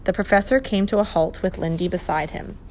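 A woman reading a children's adventure story aloud, expressive and lively. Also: fairly low pitch, brisk, slight background noise. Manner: expressive, voices the characters. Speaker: narrator.

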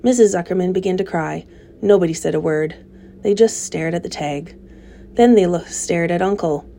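Warm-voiced woman reading a story. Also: fairly low pitch, normal speed, creaky, slight background noise. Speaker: narrator. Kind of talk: reading a children's novel aloud.

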